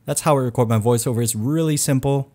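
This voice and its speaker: A man giving a voice-over tutorial in a low, deliberate announcer style, recorded close on a condenser mic in a quiet room at home. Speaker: YouTube tech reviewer.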